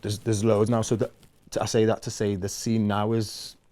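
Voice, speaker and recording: A man, chatting casually as a musician guest in an interview, relaxed and loose with lots of fillers. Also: on the low side, moderate pace.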